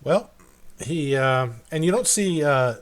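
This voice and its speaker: A man running a tabletop game as game master, narrating in a halting way with frequent restarts. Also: on the high side, animated. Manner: halting, restarts mid-sentence, laughs often.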